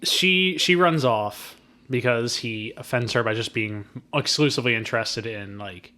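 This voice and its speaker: A man with a mid-range voice co-hosts a relaxed film podcast. He walks through movie scenes in an animated way, in a loose conversational style. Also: medium pitch, moderate pace. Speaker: podcast co-host. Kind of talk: casual film discussion.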